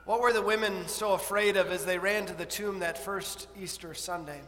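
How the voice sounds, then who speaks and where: A man preaching as pastor, with animated storytelling that acts out a frightened child. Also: sits high, moderate pace, big-room sound. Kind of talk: sermon. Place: church.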